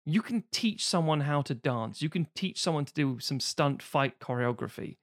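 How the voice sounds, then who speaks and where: Animated, swearing podcast talker. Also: mid-range voice, moderate pace. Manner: animated, swears a lot, slips into mock voices. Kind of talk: casual podcast chat.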